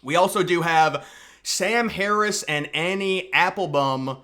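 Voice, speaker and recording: Bright sarcastic man ranting. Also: high voice, a little slow. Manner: sarcastic, mocking, exaggerated outbursts. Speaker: political commentary vlogger. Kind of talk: casual ranting commentary.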